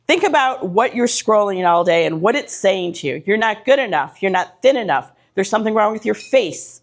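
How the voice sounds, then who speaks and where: A woman's voice: medium pitch, lively intonation, normal speed. A middle-aged woman giving a motivational talk to a live audience in an event room, punchy and direct, stacking short repeated phrases. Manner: punchy, direct, repetitive lists. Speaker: keynote speaker.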